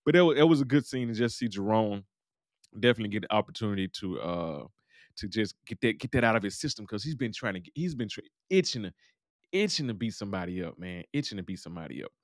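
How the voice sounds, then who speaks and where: A fast-talking man with a sing-song voice on the low side loosely recaps a TV episode, performing the characters' dialogue as he goes. This chatty monologue is studio quality with no room sound.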